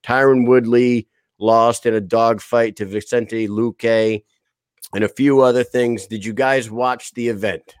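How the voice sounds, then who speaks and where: A man's voice: medium pitch, fairly even intonation, unhurried, clear, resonant tone, no echo, clean studio sound. A man in his thirties hosting a podcast in loose, profane casual chat, laughing often. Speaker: podcast host.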